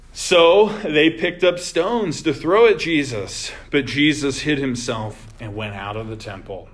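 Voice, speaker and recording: A man's voice: mid-range voice, animated, takes it slowly, fairly bright tone. A man leading a Bible study as vicar, teaching earnestly with emphatic repeated phrases.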